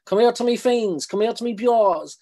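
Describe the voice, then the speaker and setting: A man's voice: very high-pitched, moderate pace, warm tone, pitched above the performer's own voice. A man performing a poem as a boisterous Cork man cheering two rowing champions, in a strong Cork accent, rowdy and sing-song.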